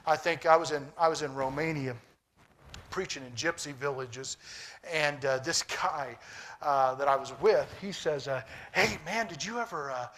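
Preaching man, loud then hushed. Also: on the high side, moderate pace. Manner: swings from loud shouting to quiet storytelling. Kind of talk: sermon.

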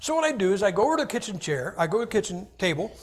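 A man's voice: high voice, very fast. A man preaching a humorous sermon, joking and acting out little scenes. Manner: animated, jokey, acts out little scenes.

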